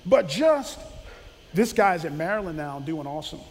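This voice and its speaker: A former football coach telling animated stories about players he coached, acting out quotes and laughing often. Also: a little high, moderate pace, in a large hall. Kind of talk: casual storytelling.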